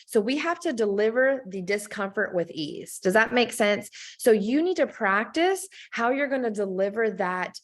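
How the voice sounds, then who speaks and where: A woman coaching a team on how to sell, talking upbeat and direct, often checking in with "okay?" and acting out sample scripts. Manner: acts out sample scripts with quick pitch swings. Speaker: network marketing team trainer.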